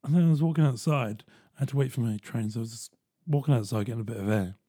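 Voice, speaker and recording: A young man telling a personal story in a casual, animated way, swearing freely. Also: mid-range voice, fast talker, breathy edge, dry recording, clean studio sound. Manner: animated, swearing, chuckling asides.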